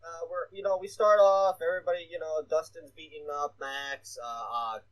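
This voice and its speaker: On a casual wrestling podcast, a male co-host rambles with lots of "uh" fillers and casual swearing. His voice is a little high and steady at a normal speed, and the recording is rough.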